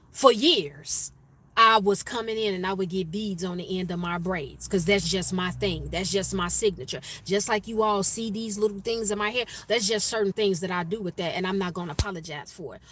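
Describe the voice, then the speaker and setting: A woman's voice: fairly high pitch, a bit bright. A woman vlogger, telling a workplace story to her viewers and acting out the voices of her coworkers. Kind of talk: casual storytime chat to viewers. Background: faint street noise, passing sirens.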